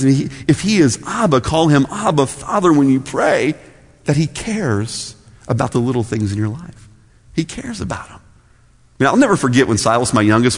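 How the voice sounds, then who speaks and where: Storytelling pastor in a reverberant hall. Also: male voice, mid-range voice. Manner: conversational, storytelling. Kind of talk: sermon.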